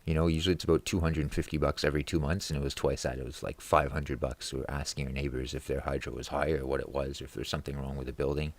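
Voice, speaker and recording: Cursing male vlogger with a very low, bass voice, ranting from his room, dry sound. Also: level tone, quick pace, hardly any pauses, no room sound. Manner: profane, angry ranting. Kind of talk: casual ranting monologue.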